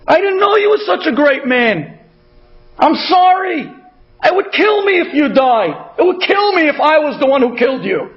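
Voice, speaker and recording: A man voicing a big tough robber who shouts and pleads in a panic, stumbling over his words. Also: extremely high pitch, big pitch swings, moderate pace, lo-fi sound, soft background music, pitched above the performer's own voice, full character voice. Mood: pleading. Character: frantic remorseful male robber, big and tough.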